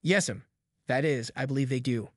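A man's voice: medium pitch, moderate pace, no echo, clean studio sound, lightly acted. A man reading an audiobook voices a mischievous young boy, talking his way out of trouble with innocent-sounding excuses.

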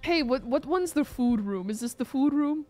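A woman's voice: sits high, expressive, normal speed, warm tone. A young woman streaming a game in casual chat, giggling constantly and chaotic. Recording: faint background game music.

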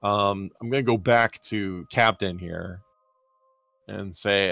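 A man taking his turn in a tabletop game, pausing often and filling gaps with ums as he works out what to ask. His voice sits a little low. It is recorded dry, with no room sound around it. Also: fairly even intonation, vocal fry, sharp tone, dry recording. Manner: hesitant, many fillers. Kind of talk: casual in-character play.

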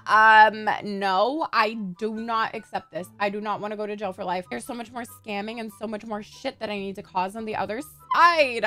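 A young woman who makes gaming videos on YouTube gives laid-back let's-play commentary in a fairly high voice. She's excitable and foul-mouthed, and she tends to burst out dramatically.

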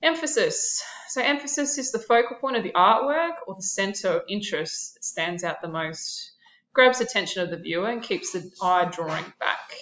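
A woman's voice: medium pitch, lively intonation, normal speed, fairly bright tone, reverberant, highs cut off, a little hiss or hum. A woman art teacher narrating a classroom lesson, explaining terms and listing examples with a few fillers.

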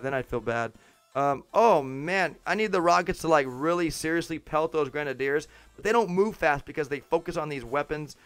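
A man's voice: mid-range voice, a bit bright, clear, resonant tone, no room sound. A man casually commenting on his game while livestreaming, chatting with viewers and chuckling often. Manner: chatty, chuckling, talks to chat. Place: home setup with green screen.

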